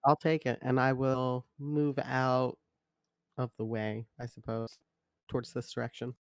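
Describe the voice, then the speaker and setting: Male player, mid-pitched, dry close sound, hesitant, thinks out loud. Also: flat delivery, a little slow, dry recording. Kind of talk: casual tabletop play.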